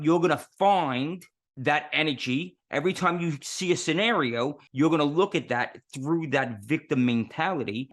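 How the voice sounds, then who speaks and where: A New York City man speaks as a guest in a casual interview, his voice mid-range and fairly bright in tone. He tells his stories earnestly, working through them with rhetorical questions.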